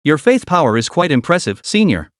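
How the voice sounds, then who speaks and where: A man's voice: fairly high pitch, very animated, brisk, no room sound, clean studio sound. A man voicing a proud, confident young woman knight, speaking in plain declarative lines.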